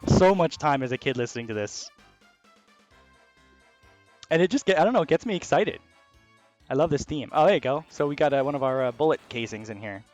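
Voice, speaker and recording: A man giving casual commentary as he plays a video game, excitable and swearing freely. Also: medium pitch, fairly quick, pauses often, soft background music. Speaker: let's play host.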